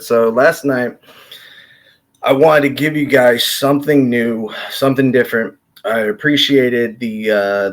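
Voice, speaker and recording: A man with a lowish voice talks loosely to his viewers, stumbling through uh's and tossing in swear words. It is relaxed, off-the-cuff vlog chat. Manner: rambling, lots of fillers and swearing. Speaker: YouTube commentary host.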